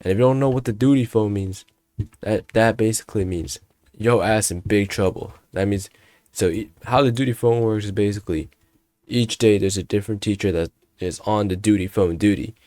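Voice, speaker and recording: A young man with a fairly low voice tells a school story in a loose, rambling monologue. He talks slangy and swears freely, restarting his sentences as he goes. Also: moderate pace, darkish tone, no echo. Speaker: student storyteller.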